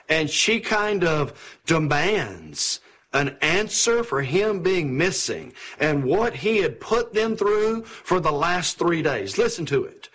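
A man's voice: sits high, fairly bright tone, breathy edge. A male pastor preaching a sermon in a storytelling way, often posing questions to the listeners.

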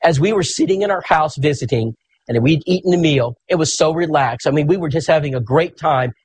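A man, preaching in a folksy, animated storytelling sermon. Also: on the high side, brisk, slight background noise.

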